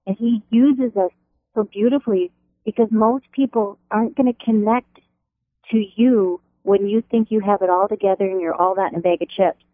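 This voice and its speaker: A woman's voice: moderate pace, a little hiss or hum. A middle-aged American woman, a radio devotional writer, chatting animatedly as an interview guest from her home over the phone. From American Upper Midwest. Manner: animated, laughs easily, pitch leaps when excited. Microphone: telephone. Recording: tinny phone line.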